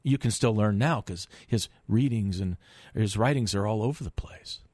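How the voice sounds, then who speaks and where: This is a call-in finance radio monologue from a middle-aged male host in a studio. He talks emphatically with rhetorical questions and stumbling repeats, in a fairly low, slightly mellow voice at a moderate pace, with no room sound.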